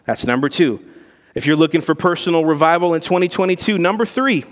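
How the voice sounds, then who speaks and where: Pastor, male, fairly high voice, earnest conversational sermon with a long hall echo. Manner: earnest, conversational preaching with rising emphasis. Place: church sanctuary.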